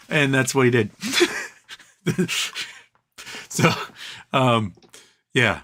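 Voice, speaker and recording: A man's voice: medium pitch, lively intonation, drawn-out words, a bit bright, slight background noise. A man hosting a live stream, chatting casually and reading viewer comments aloud with frequent ums and restarts. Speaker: livestream host.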